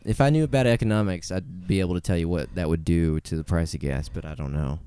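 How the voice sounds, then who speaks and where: A man's voice: low voice, fast talker, dark tone, smooth, no echo. A man hosting a casual podcast chat, rambling and laid-back, swearing casually, on a studio podcast microphone. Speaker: podcast host.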